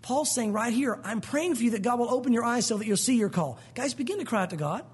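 Man, pastor, sermon, high voice, husky, animated, acts out voices. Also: fast.

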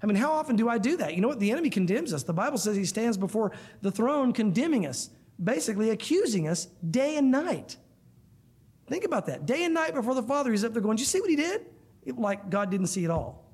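A man's voice: sits high, big pitch swings, fast, a little mellow, husky. A man preaching a sermon to a room of listeners, earnest and emphatic, often calling them guys. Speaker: pastor. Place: church room.

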